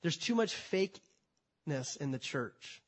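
A man's voice: on the high side, lively intonation, takes it slowly. A pastor preaching a conversational sermon, talking to his congregation with frequent restarts.

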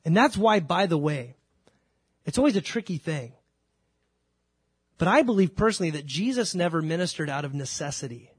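High husky guy preaching, dry close sound, tells stories and acts out the bible bits. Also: animated, normal speed, long pauses, no room sound. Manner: storytelling, acts out biblical dialogue. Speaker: pastor. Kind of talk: sermon.

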